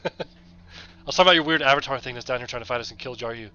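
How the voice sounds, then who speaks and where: A bright, smooth-voiced man plays a tabletop game, blunt and crude. The line is muffled, with faint music under it. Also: medium pitch, quick pace. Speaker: player. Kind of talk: in-character play chat. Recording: dull lo-fi voice call with faint music.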